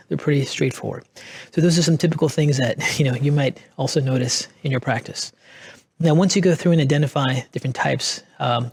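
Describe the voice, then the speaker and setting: A man's voice: fairly high pitch, husky. A man teaching a clinical course, speaking unscripted, often restarting phrases and briefly acting out what patients say. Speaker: course instructor. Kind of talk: recorded clinical lecture.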